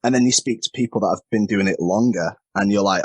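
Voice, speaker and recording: Husky-voiced man, candid and laughing. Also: fairly low pitch, animated, normal speed, dry recording. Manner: candid, self-deprecating, laughs often. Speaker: wrestler and podcast guest. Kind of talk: casual chat. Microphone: remote call.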